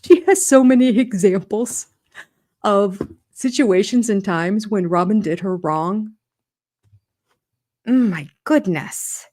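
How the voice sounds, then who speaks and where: A woman's voice: mid-range voice, slow, pauses often, warm tone. An older woman hosting a casual livestream, chatting and reacting aloud as she reads viewer comments and a list of supporters' names. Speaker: channel host.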